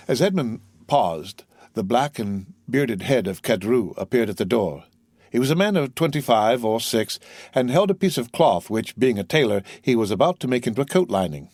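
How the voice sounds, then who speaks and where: A man reading a classic novel aloud as an audiobook narrator, in a steady storytelling delivery. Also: fairly low pitch, moderate pace, no echo, clean studio sound.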